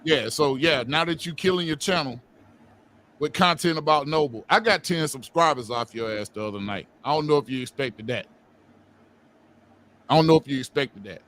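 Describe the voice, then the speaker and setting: A man's voice: on the high side, normal speed, a bit bright, slight background noise. A man on a live stream panel, speaking defiantly and bluntly with profanity. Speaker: co-host. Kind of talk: heated livestream talk.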